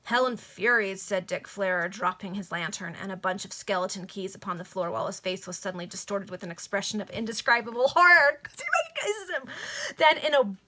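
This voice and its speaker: A woman casually reading a novel aloud to friends over a video call, breaking off with excited asides. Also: medium pitch, fast, hardly any pauses. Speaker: reader.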